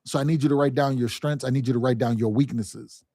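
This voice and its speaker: A man's voice: mid-range voice, steady tone, fast talker, dark tone, dry recording, studio quality. A man coaching a sales lesson, talking emphatically in casual vernacular and repeating "right?" and "okay?" to his listeners. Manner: emphatic, repetitive, direct address with frequent "right?" and "okay?"; acts out quoted phone calls and family scenes in livelier voices.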